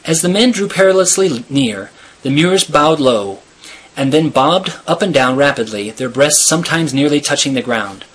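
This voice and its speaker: A man reading a novel aloud in a steady, earnest storytelling manner. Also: fairly high pitch, moderate pace, slightly rough. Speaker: reader.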